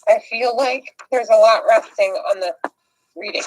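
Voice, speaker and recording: A woman's voice: on the high side, moderate pace, rough recording. A young woman chatting casually during a tarot reading game, hesitant and giggly with nervous rambling. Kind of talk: casual chat.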